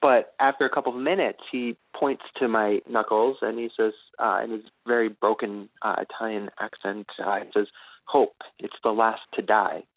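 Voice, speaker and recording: A man, an author being interviewed, talking in an earnest, thoughtful way and pausing between phrases. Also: lowish voice, steady tone, dry recording. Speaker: author guest. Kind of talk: reflective interview talk. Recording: phone-like narrow band.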